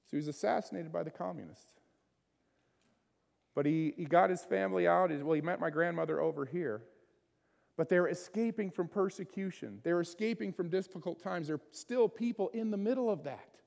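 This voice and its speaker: The pastor's voice sits high and moves briskly, with vocal fry, a darkish tone, and a long reverb tail. Conversational in style, his sermon is full of questions for the people listening.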